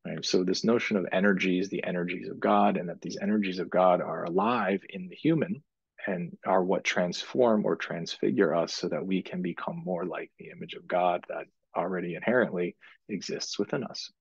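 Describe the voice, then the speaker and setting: A man with a very low, husky voice gives a slide lecture, pausing often with ums and starting phrases over. The recording is dry and lo-fi, with a dull, muffled top end. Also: steady tone, no echo. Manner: halting, many ums and restarts.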